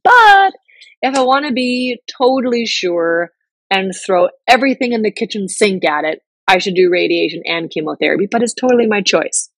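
A woman's voice: medium pitch, lively intonation, moderate pace, dry recording, low-quality recording. Middle-aged woman, candid casual talk, lots of fillers, dry close sound. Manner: candid, chatty, many fillers and restarts.

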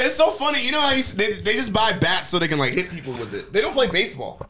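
A man co-hosting a casual podcast stream who laughs a lot and reacts loudly. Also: high voice, big pitch swings, fast talker, a loud crowd. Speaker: podcast co-host. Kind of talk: casual live-stream chat.

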